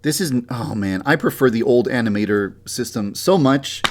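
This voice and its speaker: A man's voice: mid-range voice, lively intonation, normal speed, slight background noise. A young man streaming from his computer, chatting casually and then switching into a formal, lecturing tone, sometimes grumbling in frustration. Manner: shifts into a formal, lecturing delivery. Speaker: game developer streaming. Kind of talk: casual livestream chat.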